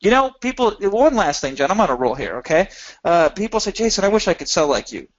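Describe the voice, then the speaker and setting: A man giving an energetic sales pitch in a webinar, with emphatic rises in pitch. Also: a little fast, muffled recording. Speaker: webinar presenter.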